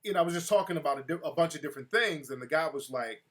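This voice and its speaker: A man hosting a casual live talk show, telling stories in an animated way and calling out chat viewers by name. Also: on the high side, very fast. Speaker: show host.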